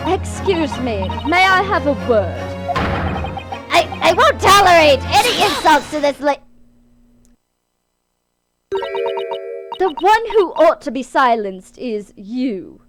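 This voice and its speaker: A woman's voice: high-pitched, very animated, over music. A woman putting on a prim British lady. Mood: cool, cutting. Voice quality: put-on British accent. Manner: slow, cold, formal politeness. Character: prim, cutting British lady of high standing.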